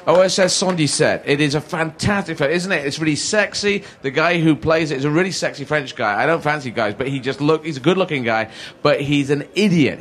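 This British comedian guest has a slightly high, somewhat bright voice. He's a stand-up chatting in a loose comic style, wandering from point to point with plenty of jokes and filler words.

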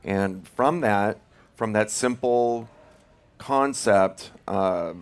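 A man being interviewed as a film director, talking hesitantly with many pauses and restarts. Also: fairly low pitch. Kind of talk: casual interview.

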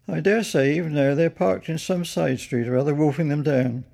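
A man's voice: a little high, normal speed, gravelly, mellow. An older man voicing a chatty, knowing woman at a market in a storybook reading. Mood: gossipy.

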